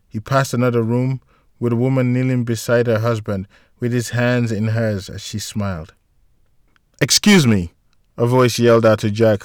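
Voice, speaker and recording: In a steady, measured reading, a man narrates an audiobook from a script. His voice is mid-range, and the recording is dry with clean studio sound.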